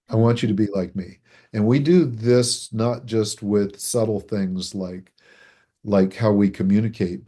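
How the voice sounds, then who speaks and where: A man speaking as a guest author in a podcast interview, animated, acting out what people say and chuckling between points. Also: medium pitch. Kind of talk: conversational interview.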